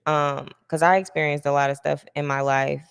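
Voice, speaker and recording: A young woman hosting a podcast, her voice low with a gravelly edge. She talks candidly and reflectively and laughs easily, and her smooth voice trails off into a long reverb. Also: little pitch movement, normal speed. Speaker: podcast host. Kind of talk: casual podcast chat.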